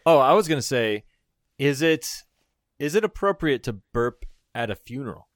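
A man's voice: medium pitch, animated, normal speed, no echo, clean studio sound. A young man co-hosting a podcast, chatting casually with lots of laughter and swearing. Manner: laughing, profane, joking. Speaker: podcast co-host. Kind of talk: casual chat.

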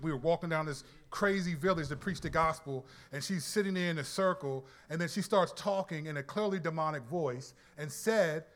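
A man teaching about the Bible in an animated, colloquial sermon style, often restarting sentences as he gets excited. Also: fairly high pitch.

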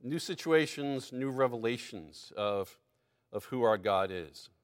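A man preaching a sermon, reading scripture aloud with lively emphasis and breaking into asides and small laughs. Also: medium pitch, a little slow, clear, resonant tone.

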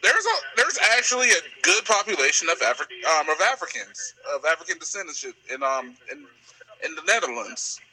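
A man telling a story in a casual podcast chat, animated and swearing freely. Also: fairly high pitch, fairly quick, husky, rough recording.

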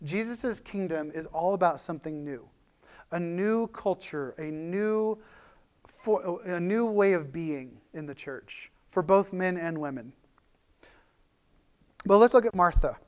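A man giving a casual, conversational sermon as a pastor, animated and full of restarts and fillers. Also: sits high, measured pace, clear, resonant tone.

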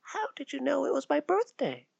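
A timid little lost girl, voiced by a male storyteller, polite and tearful, her small voice pushed up very high and held soft and quiet. The pitch bobs and wavers in a lively way. It is a dry, close storybook reading. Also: moderate pace, gravelly, no room sound, lo-fi sound, heavily acted.

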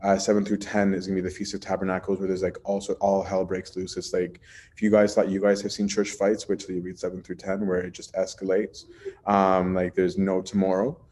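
A man's voice: low-pitched, mellow. A man teaching a Bible study in a casual, chatty way, often asking "right?" and using plenty of fillers.

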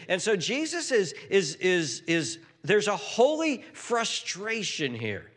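A man preaching a sermon. He talks in an animated way, often restarts his sentences, and acts out the quotes. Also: high voice, measured pace, hardly any pauses, big-room sound. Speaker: pastor.

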